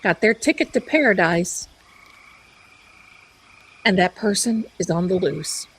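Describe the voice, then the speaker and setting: Woman playing a serious man, grave, matter-of-fact, steady. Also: mid-range voice, unhurried, slightly rough, poor audio.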